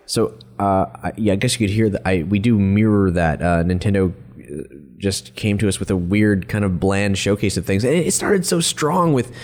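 A man's voice: fairly low pitch, normal speed, darkish tone. A man co-hosting a casual gaming chat, talking with frequent restarts and fillers. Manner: chatty, many restarts and fillers. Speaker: podcast co-host.

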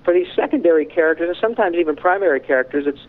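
A man, a voice actor guest, talks in a casual interview, telling stories with candid, animated asides. His voice sits a bit high for a man. The sound is thin and boxy, like it is coming over a phone line. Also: racing.

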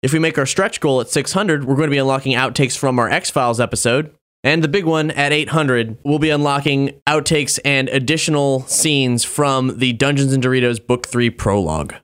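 A man's voice: mid-range voice, fairly bright tone. A man hosting a podcast, casually and upbeatly reading out supporter news, names and messages. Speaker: podcast host.

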